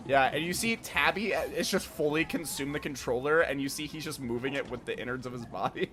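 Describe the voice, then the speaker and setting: A man's voice: mid-range voice, brisk, sharp tone. A young man narrating a tabletop game as game master, loose and giggly, swearing casually.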